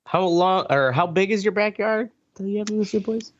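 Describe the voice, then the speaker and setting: A man co-hosting a podcast, jokey and teasing, quick to laugh. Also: high voice, dull audio, slight background noise. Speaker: podcast co-host. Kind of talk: casual chat.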